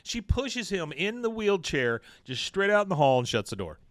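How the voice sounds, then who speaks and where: A man chats through a cartoon episode on a podcast, and his pitch swings widely as he acts out the lines. He jumps into loud, high voices for the characters and laughs often. The sound is close and dry. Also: sing-song, moderate pace, no room sound. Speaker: podcast host recapping an episode. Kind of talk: casual chat, retelling scenes.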